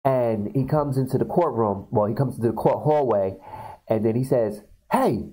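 A man casually retelling film scenes to viewers on his video channel, talking in an animated way with many fillers. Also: mid-range voice, moderate pace, poor audio. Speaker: video blogger. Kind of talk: casual storytelling.

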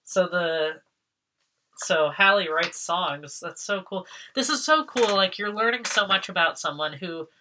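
Unboxing on camera, a woman vlogger from Massachusetts keeps things casual and lively, laughing often and dropping swear words whenever she rants. Her voice sits on the low side and she takes her time, with background noise present.

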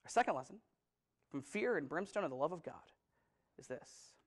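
A man's voice: on the high side, expressive, normal speed, breathy edge, rough recording. A man preaching a sermon as pastor, conversational and emphatic, often repeating himself for stress.

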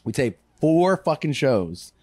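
A man's voice: a little high, sing-song, takes it slowly, mellow, dry recording. A man, a comedian, in loose, joking podcast banter with plenty of swearing. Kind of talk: casual podcast chat.

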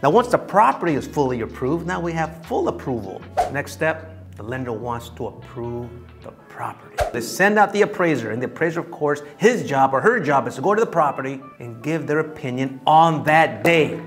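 A man teaching real estate in a lively, theatrical way, acting out the conversations he describes. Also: on the high side, brisk, over music. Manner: lively, theatrical, acts out dialogues. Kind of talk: animated teaching talk.

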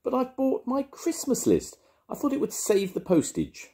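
A man's voice: very high voice, huge pitch swings, normal speed, warm tone, voice pushed up, heavily acted. A grandfather voicing a polite, earnest young bear in a storybook reading, with a raised, lighter voice. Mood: indignant.

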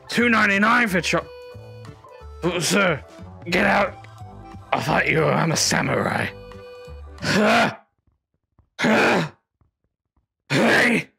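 Male gamer, slightly high, gravelly voice; rambling, theatrical, plays drunk for laughs. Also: sharp tone. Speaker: VR gameplay streamer. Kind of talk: comedic VR gameplay commentary.

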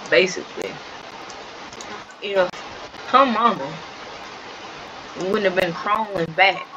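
A woman's voice: on the low side, lo-fi sound, noisy background. A woman casually narrating a life-sim game story in a slangy, chatty way. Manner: slangy, animated, chatty commentary.

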